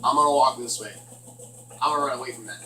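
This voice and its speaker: A man's voice: mid-range voice, steady tone, quick pace, sharp tone, distant mic, slight background noise. A man giving nervous, joking commentary while he plays a horror game. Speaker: gaming channel host. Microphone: distant from the mic. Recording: echoey room, voice off the mic.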